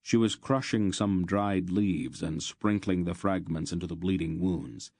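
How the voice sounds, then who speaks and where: A man reading a fantasy novel aloud as an audiobook narrator, in steady, measured storytelling. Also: low-pitched, no room sound, clean studio sound.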